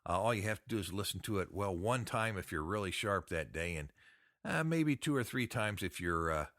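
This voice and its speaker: A man's voice: lowish voice, expressive, a little fast, a bit bright, no echo, studio quality. An American man hosting a podcast, chatting in a folksy, upbeat way. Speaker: podcast host. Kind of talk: casual podcast chat.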